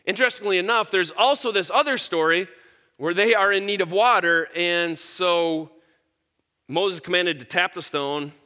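Bright high-voiced male preacher. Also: normal speed. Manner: casual and earnest, with fillers and repeated words. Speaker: pastor. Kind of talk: conversational sermon.

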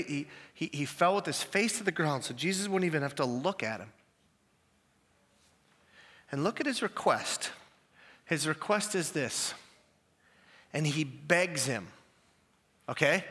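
A male pastor preaching a sermon, animated and emphatic, often repeating key phrases. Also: on the high side, big-room sound.

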